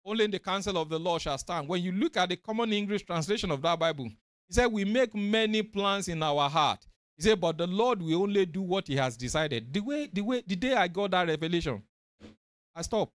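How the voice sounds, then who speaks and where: High-voiced impassioned male preacher. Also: lively intonation, fast, no echo. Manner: impassioned, calls out to the congregation, acts out voices in his retelling. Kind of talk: sermon. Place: church or fellowship hall, streamed online.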